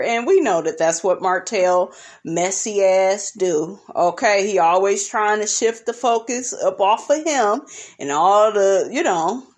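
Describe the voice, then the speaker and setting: A woman hosting a casual reality TV recap, sassy and blunt, swearing freely and tossing in "honey" and "okay" as she gossips. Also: medium pitch. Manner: profane and blunt.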